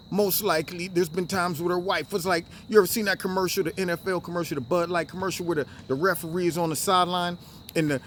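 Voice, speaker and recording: A man hosting a solo political commentary show, talking in an animated way and acting out other people with high, exaggerated voices. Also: slight background noise.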